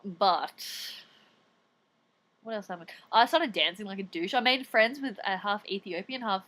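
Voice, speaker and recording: A young Australian woman chatting casually, telling animated stories with acted-out quotes. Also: mid-range voice, a little slow. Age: young adult. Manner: animated storytelling with acted-out quotes, swearing and laughing. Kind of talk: casual chat.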